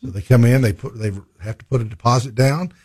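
A man from a state conservation department, speaking in a halting, conversational way with many fillers and restarts. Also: medium pitch, darkish tone, husky. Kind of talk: conversational interview storytelling.

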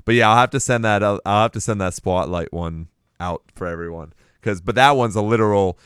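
A man's voice: lowish voice, a little fast, a bit bright, clear, resonant tone, dry recording, studio quality. A man co-hosting a casual podcast chat, blunt and profane, laughing often. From Boston area. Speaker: podcast co-host.

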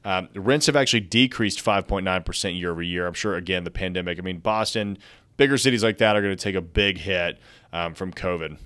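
A man's voice: low-pitched, a little fast, a bit bright. Casual young man with twang. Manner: reads articles aloud with chatty asides. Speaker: podcast host. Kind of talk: casual market news commentary.

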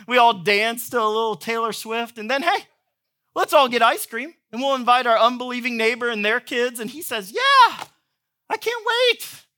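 A man's voice: very high voice, a little fast, bright, forceful tone. A man in his thirties preaching a sermon as pastor, telling stories in a playful, humorous way. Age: 30s.

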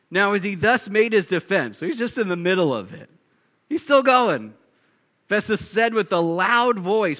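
Animated, laughing preacher man with bright voice. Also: high voice. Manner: animated, acts out shouting characters, laughs often. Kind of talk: expository sermon.

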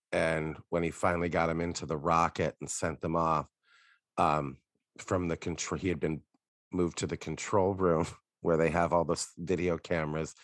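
A man co-hosting a podcast in casual chat, telling stories in a relaxed way and swearing now and then. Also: low voice, dry recording, studio quality. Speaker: podcast co-host.

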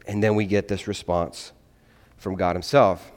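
A man preaching a sermon, animated and conversational, acting out little exchanges in put-on voices. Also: low voice, a little slow. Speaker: pastor. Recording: long hall reverb.

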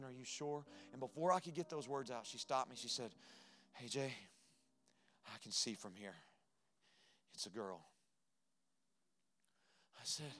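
Pastor telling a story in a sermon. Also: male voice, mid-range voice. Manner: personal storytelling, swings from hushed to loud and emphatic. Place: church sanctuary.

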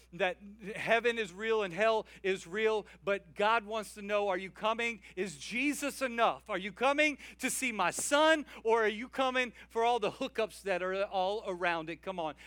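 A male pastor preaching a sermon in a humorous, energetic way, often calling out to the congregation. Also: sits high, no room sound.

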